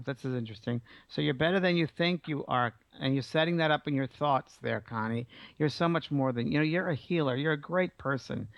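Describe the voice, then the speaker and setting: Male radio medium, gravelly and warm, coaxing a caller through a reading; dull lo-fi broadcast sound. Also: a little high, a little fast, hardly any pauses, no room sound. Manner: warm, reassuring, relays messages from spirits. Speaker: psychic medium radio host. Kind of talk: call-in reading.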